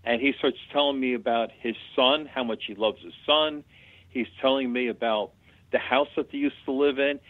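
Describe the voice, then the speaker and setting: Guy on a phone call spinning a story, plain-spoken, mid pitch, tinny and dry. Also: normal speed, no echo. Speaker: guest medium. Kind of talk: telling anecdotes in an interview.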